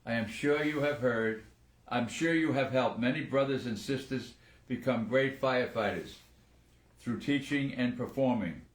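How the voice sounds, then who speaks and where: An older man co-hosts a casual live stream, speaking at a middle pitch. He tells his stories in an earnest, plain way. The room gives his voice a noticeable echo. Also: moderate pace. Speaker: retired firefighter, co-host.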